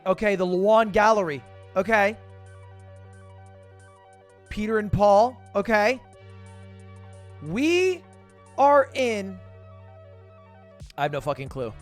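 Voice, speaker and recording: A young male streamer commentating casually as he thinks out loud, slipping into mock-grand boasts. His voice sits a little high, with quiet music underneath.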